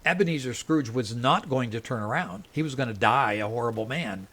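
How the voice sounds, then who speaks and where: A male college professor speaks briskly in a mid-range voice. Interviewed on a casual podcast, he spins animated anecdotes and often begins his sentences anew.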